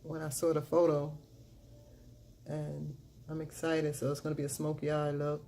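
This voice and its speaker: A woman with a low, mellow voice narrates her makeup tutorial in a loose, chatty way. She murmurs along as she works and keeps coming back to her catchphrases. There is a faint hiss behind her. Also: normal speed, vocal fry. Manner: repeats catchphrases, bursts into loud excited chanting. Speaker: beauty vlogger. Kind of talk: casual makeup tutorial chat.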